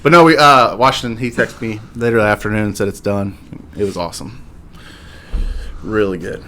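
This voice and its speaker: A man's voice: on the low side, brisk, slight background noise. A man in his thirties, a guest on a casual podcast, telling stories and laughing as he quotes his neighbors. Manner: laughs through stories, lively quoting of neighbors. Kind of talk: casual storytelling chat. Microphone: podcast mic at a table.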